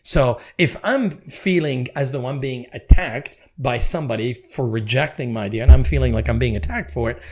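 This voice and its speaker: A man talking as a guest on a podcast, animated and emphatic, often repeating his points. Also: mid-range voice, normal speed, hardly any pauses, background noise. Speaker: podcast guest, real estate executive. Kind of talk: podcast conversation.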